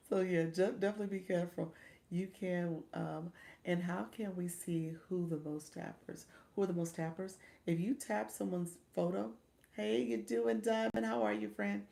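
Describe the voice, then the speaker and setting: Speaking at normal speed in a fairly low, steady, creaky voice with a darkish tone, a woman hosts a casual livestream as a coach. She's chatty and encouraging, speaks directly to viewers, says y'all and mimics voices.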